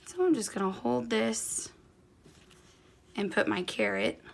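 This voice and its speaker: A woman's voice: mid-range voice, lively intonation, a little slow, gravelly. A woman giving a hands-on quilting tutorial, chatty and encouraging as she talks through each step while working. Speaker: quilting instructor.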